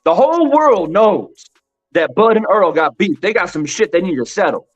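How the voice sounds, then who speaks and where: A man's voice: sits high, animated, normal speed. A man hosting a live-stream boxing commentary show, talking emphatically to his chat, repeating his points and saying "bro" a lot. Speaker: boxing commentary channel host. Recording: dull lo-fi with faint music.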